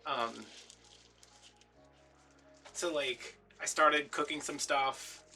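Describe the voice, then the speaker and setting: Young man, craft host, rambling storyteller, bright gravelly voice. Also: steady tone, very slow, distant mic, faint music behind. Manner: chatty, rambling, acts out quoted voices in a higher pitch. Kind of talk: casual storytelling while crafting.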